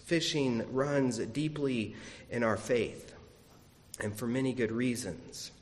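A man's voice: mid-range voice, in a large hall. A man preaching a sermon as a pastor, folksy and storytelling with self-deprecating humor, in a church sanctuary.

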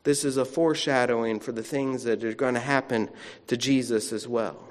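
A man's voice: mid-range voice, steady tone, normal speed. A male pastor giving a sermon in a chatty storytelling way, with asides to the congregation. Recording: long reverb of a large hall.

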